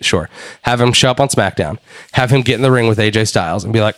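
Animated, swearing man in casual chat. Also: lowish voice, fast, no room sound. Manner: animated, swearing, fantasy-booking out loud. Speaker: podcast co-host.

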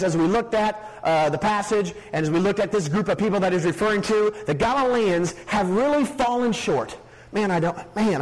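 A young man delivers a church sermon in a notably high voice. He is earnest and emphatic and doubles back on phrases to drive his points home. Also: long reverb tail, poor audio. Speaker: preacher. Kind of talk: sermon with opening prayer. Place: church meeting hall.

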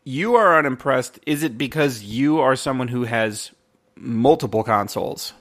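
A young man telling a story in casual chat, swearing constantly and animated. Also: medium pitch, moderate pace. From New York. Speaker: podcast co-host.

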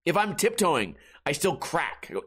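A man's voice: fairly high pitch, sing-song, normal speed, background noise. A middle-aged man hosting a casual solo podcast, rambling through tangents, swearing and mocking himself. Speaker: podcast host.

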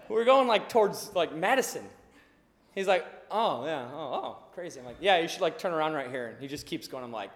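A higher-pitched male pastor preaching in a hall, his voice trailing off into a long reverb. He tells his story with animated energy, jumping into the voices of the people in it. He drops low and quiet for the serious points. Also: normal speed, slight background noise. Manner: animated storytelling, acts out dialogue, laughs along. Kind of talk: sermon with storytelling.

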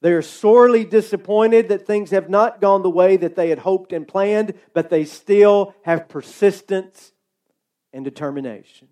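A man preaching a sermon, slow and emphatic with dramatic pauses. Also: high-pitched, warm tone.

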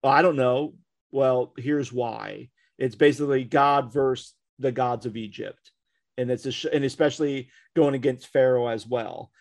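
A man's voice: mid-range voice, steady tone, moderate pace, vocal fry, no room sound. A young man co-hosting a podcast, telling a long story in casual chat with laughs and sarcastic asides. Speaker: podcast co-host.

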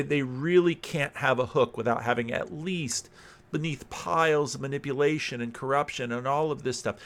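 A man's voice: medium pitch, a bit bright. A man who is a Christian minister, giving reflective video commentary and thinking aloud, often repeating words and phrases.

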